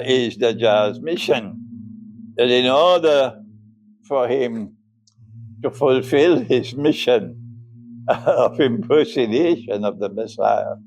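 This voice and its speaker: Slow, deliberate older male lecturer. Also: mid-range voice, vocal fry, a little mellow, low-quality recording. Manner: emphatic, breaks into chuckles; slow and deliberate, spelling out words. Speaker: Islamic scholar lecturing. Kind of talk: religious lecture.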